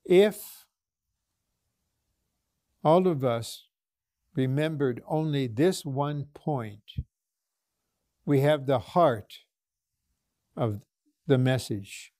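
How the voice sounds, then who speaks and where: A man preaching a sermon in a slow, deliberate cadence. His voice is dark and mellow, recorded dry and close. He speaks earnestly, stopping to ask his listeners questions. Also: mid-range voice, dry recording. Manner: slow, earnest, with frequent restarts and rhetorical questions. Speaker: minister.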